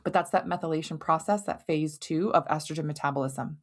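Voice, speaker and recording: A woman with a slightly low-pitched voice talks through a health topic as a podcast host. Her delivery is conversational and animated, and she keeps reaching for everyday comparisons to make a point land. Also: brisk. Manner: explains with homely analogies, conversational and animated. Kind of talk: educational podcast monologue.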